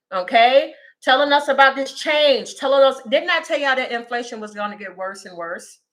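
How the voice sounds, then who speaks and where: A woman chats through a tarot reading on a livestream and talks directly to her audience. Her voice sits fairly high and has a bright edge. She sounds lively and informal as she jumps from joking to urgent appeals. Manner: chatty, animated, talks straight to viewers. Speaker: tarot reader.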